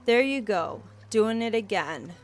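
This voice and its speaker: Brief: a woman playing a cryptic teen jock, thick drawl, gruff and blunt, game read. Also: fairly high pitch, lively intonation, unhurried, faint music behind. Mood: curt. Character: blunt teenage boy athlete, gruff and cryptic.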